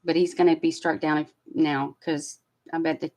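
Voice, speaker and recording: A woman giving blunt, animated live commentary, swearing freely and sharing strong opinions. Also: low-pitched, normal speed, poor audio. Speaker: commentary host. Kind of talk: casual live trial commentary.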